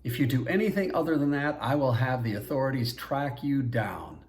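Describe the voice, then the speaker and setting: A man's voice: mid-range voice, big pitch swings, takes it slowly, voice pushed up. A man voicing an arrogant male governor who owns a slave girl, speaking in a scornful, domineering way in an audiobook.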